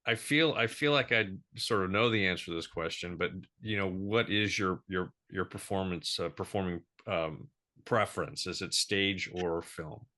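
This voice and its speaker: Deep-voiced man fumbling through a question. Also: normal speed, bright, forceful tone. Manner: hesitant, fumbling for words. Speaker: host. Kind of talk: interview question.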